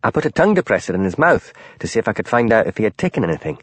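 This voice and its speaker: A man reading the part of a shrewd, quiet Highland constable in an audiobook. He talks with an urgent, lifted voice that rises and falls lively. The sound is dry and close. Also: very fast, breathy edge, no echo. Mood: confiding. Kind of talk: audiobook character voice.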